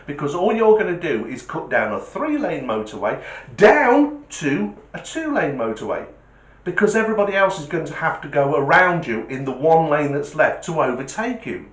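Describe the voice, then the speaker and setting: A man's voice: medium pitch, sing-song, normal speed, reverberant. A man giving a casual, jokey vlog talk in a chatty storyteller's way. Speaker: vlogger. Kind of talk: casual monologue with a joke.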